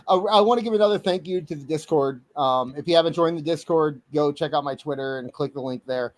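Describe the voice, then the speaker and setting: A man on a casual livestream panel who talks in a rambling, halting, easygoing way. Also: on the high side, no room sound.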